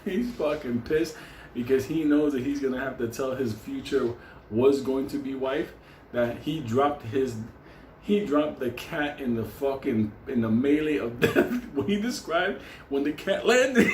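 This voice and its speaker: A man's voice: mid-range voice, expressive, measured pace, a little mellow. Male storyteller, foul-mouthed and giggly, roomy echo with faint background hum. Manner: swearing constantly, laughing through the story. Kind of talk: casual profane anecdote. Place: indoor room on camera.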